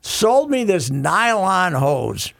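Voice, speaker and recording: A middle-aged man hosts a radio talk show, wandering through anecdotes in a casual, rambling way. His voice rides a little high and swings widely in pitch, with a gravelly rasp underneath. When he reads ads, he punches single words loudly. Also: very animated, takes it slowly. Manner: rambling, loud laughing bursts, punchy ad reads. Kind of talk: casual radio banter and live read ads.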